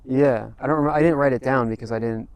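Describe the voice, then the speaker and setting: A man co-hosting a casual podcast, teasing his partner in quick banter. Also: mid-range voice, steady tone, darkish tone, smooth, no echo. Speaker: podcast co-host. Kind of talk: casual chat.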